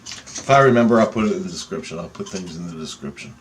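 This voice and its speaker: A man telling a dream story in an excitable, rambling way, swearing often and restarting sentences. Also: low voice, fast talker, slight background noise.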